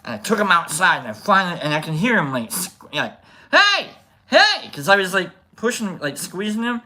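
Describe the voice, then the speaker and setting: Male stream host, bright and slightly high voice, loose rambling anecdotes. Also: quick pace. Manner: animated, rambling with restarts. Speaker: livestream host. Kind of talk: casual storytelling to chat.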